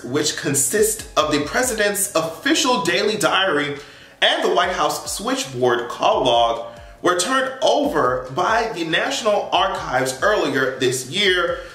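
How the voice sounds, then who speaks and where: A man's voice: high-pitched, reverberant. A young man hosting a podcast, reading news aloud with frequent laughter and profanity. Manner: laughs often, profane and animated, reads headlines aloud. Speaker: podcast host. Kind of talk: casual commentary on news.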